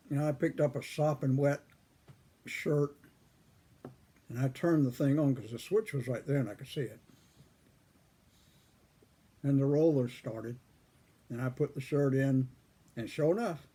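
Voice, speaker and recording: An older man telling a folksy childhood story, husky with a frog in his throat, chuckling often. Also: medium pitch, warm tone. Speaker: pipe-smoking storyteller. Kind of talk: casual storytelling.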